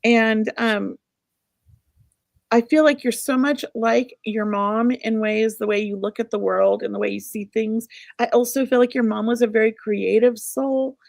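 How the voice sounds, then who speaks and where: A woman's voice: on the high side, steady tone, a little slow, vocal fry, no echo, studio quality. A middle-aged woman co-hosting a show, giving casual spirit readings in an emotional, rambling way. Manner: emotional, warm-hearted, rambling. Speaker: psychic medium co-host.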